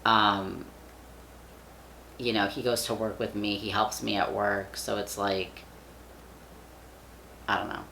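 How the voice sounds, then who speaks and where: A man's voice: on the low side, level tone, slow, vocal fry, pauses often, sharp tone, a little hiss or hum. A young man vlogging in casual chat, rambling with lots of fillers and casual swearing. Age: young adult.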